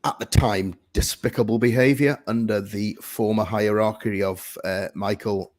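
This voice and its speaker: Man, deep voice, trust representative, earnest, explanatory. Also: steady tone, moderate pace, darkish tone. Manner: earnest, explanatory, frequent fillers. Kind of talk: podcast guest Q&A.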